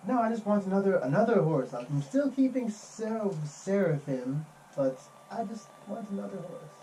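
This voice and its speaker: A player chats casually at a home tabletop game, trailing off and restarting. The voice is mellow and dark, with faint hiss behind. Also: mid-range voice, animated, moderate pace, poor audio. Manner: casual, hesitant.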